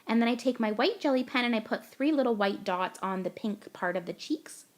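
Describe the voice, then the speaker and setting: A woman's voice: a little high, a little fast. Gushing woman crafter talking through steps. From Canada. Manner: gushing, chatty step-by-step explaining. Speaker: card-making crafter. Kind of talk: craft tutorial voice-over.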